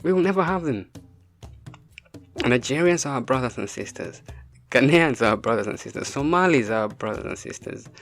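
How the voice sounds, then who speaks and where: Casting: African man, spiritual teacher, preachy, presses the point with repeated rhetorical questions, soft music underneath. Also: medium pitch, expressive, fairly quick. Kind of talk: impassioned spoken message.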